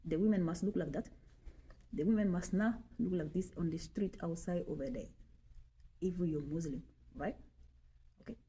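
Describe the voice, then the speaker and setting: A woman talks to the camera in a casual, personal way. Her voice is warm and mellow. She drives her points home by repeating them and keeps checking in with her listener. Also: lowish voice, normal speed, pauses often. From Mali. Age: 40s. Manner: emphatic, repeats points, often checks in with "okay?".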